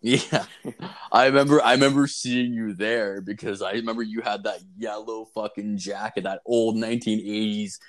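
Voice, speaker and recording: A young man with a lowish voice co-hosts a casual podcast, spinning crude high-school stories. He swears constantly and breaks into laughter, animated and loose. The talk is unscripted and rambling. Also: moderate pace. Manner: profane, laughing, animated storytelling. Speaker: podcast co-host.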